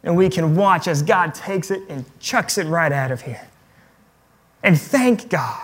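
A pastor preaching a sermon on prayer, in a conversational tone with light humor. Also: male voice, fairly high pitch, expressive, measured pace, fairly bright tone, slightly rough.

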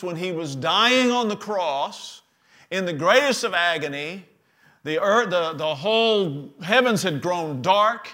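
A man preaching a sermon as pastor, leading the congregation in call-and-response and swinging between loud declarations and quiet, hushed passages. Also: high voice.

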